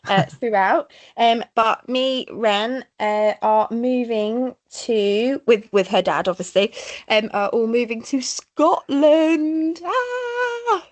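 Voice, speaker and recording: Bubbly Essex woman, slightly high voice. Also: takes it slowly. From Essex, England. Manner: bubbly, laughs often, chatty with fillers. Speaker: podcast co-host. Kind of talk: casual chat.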